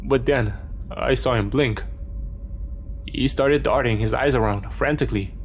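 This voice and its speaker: A man reading a horror story in a steady, measured scripted narration. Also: medium pitch, a little hiss or hum.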